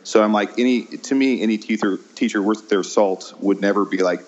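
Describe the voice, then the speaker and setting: Man, low-ish voice, halting with ums, dull lo-fi recording; self-deprecating guest. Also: fairly even intonation. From American Midwest. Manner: hesitant, many ums, laughs at himself. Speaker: improv teacher and guest. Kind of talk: casual interview chat. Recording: dull lo-fi sound.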